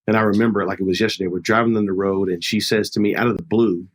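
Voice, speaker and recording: A man's voice: fairly low pitch, steady tone, rapid-fire. A middle-aged man, a pastor, telling a personal story in an earnest, conversational way during a podcast interview.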